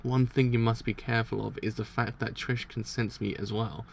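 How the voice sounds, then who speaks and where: A scheming male crime boss speaks in a calm, controlling tone, weighing each instruction. A man reads him out, his voice gravelly, over a faint hiss. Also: medium pitch, moderate pace, lightly acted. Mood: cold, instructing. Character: scheming male mafia boss, cold and commanding.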